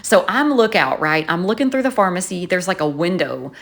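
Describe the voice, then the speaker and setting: A woman, a journaling vlogger chatting in a casual, animated, expressive way as she tells a story. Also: on the low side, fairly quick, vocal fry.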